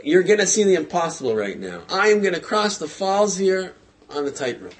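A man voicing a boastful male daredevil tightrope walker who makes loud, confident announcements. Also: sits high, big pitch swings, fairly quick, voice pushed up.

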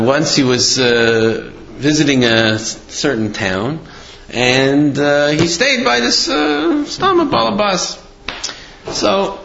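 A man teaching a religious lesson in an animated, conversational way, telling stories to make his points. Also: fairly high pitch, creaky. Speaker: Torah teacher. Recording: roomy, slightly dull recording with faint noise.

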